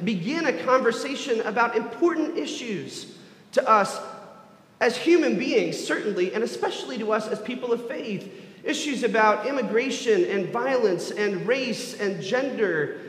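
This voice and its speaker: A man's voice: very high-pitched, animated, moderate pace, fairly bright tone. A man preaching a sermon as a pastor, earnest and building to emphatic repetition. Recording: echoey hall.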